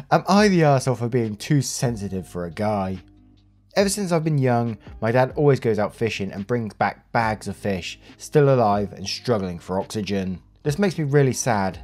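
Host-narrator: male, slightly low pitch, relaxed and talkative, quick to laugh, faint music bed. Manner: chatty, laughs often between sentences. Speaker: story narrator and channel host. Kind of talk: casual narration of online posts.

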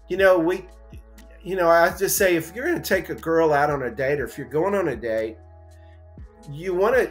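A man being interviewed as an engineering recruiter, a folksy, encouraging talker who acts out voices in his stories and says "you know" a lot. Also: a little high. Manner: animated storyteller, acts out voices in anecdotes. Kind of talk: casual conversational interview.

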